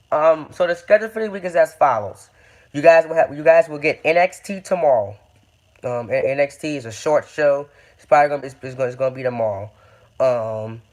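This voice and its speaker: A young man giving a rambling casual update on his video series, full of fillers and restarts. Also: medium pitch. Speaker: YouTube game-series creator.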